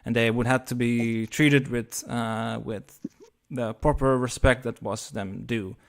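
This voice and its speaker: Halting man at a middle pitch. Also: fairly even intonation, vocal fry. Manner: halting, many fillers and restarts. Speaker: round-table guest. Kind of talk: casual round-table chat.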